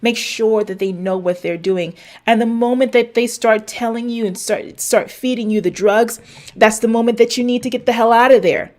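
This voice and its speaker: A woman's voice: a little high, normal speed, darkish tone. A middle-aged woman hosting a fitness show, giving blunt, preachy advice straight to viewers and swearing for emphasis. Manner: talks straight to viewers, repeats lines for punch. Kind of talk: direct-to-camera advice rant.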